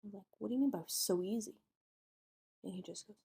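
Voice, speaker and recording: A woman's voice: medium pitch, a little fast, gravelly, dark tone, breathy edge. A woman co-hosting a podcast, casually retelling a true-crime case and acting out its dialogue in informal speech. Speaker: podcast co-host telling a case.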